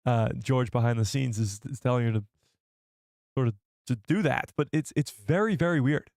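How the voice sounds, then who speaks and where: Excitable male live stream host. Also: mid-range voice, moderate pace, vocal fry, no room sound, studio quality. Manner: excitable, rambling, talks to the chat. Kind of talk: casual live stream chat.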